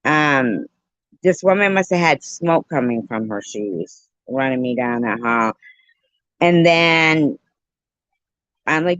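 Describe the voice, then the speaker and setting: A woman livestreamer telling a story and joking with her viewers in an animated, playful way, on a dull, dry lo-fi recording. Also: low-pitched, smooth, no room sound. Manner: animated, jokey, slow and drawn out. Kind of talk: casual storytelling and chat.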